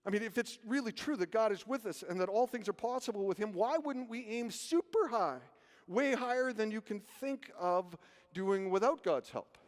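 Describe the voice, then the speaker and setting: A man's voice: sits high, normal speed. A man preaching a sermon as pastor, telling stories and asking rhetorical questions. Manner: animated storytelling, rhetorical questions. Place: church sanctuary. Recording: reverberant hall.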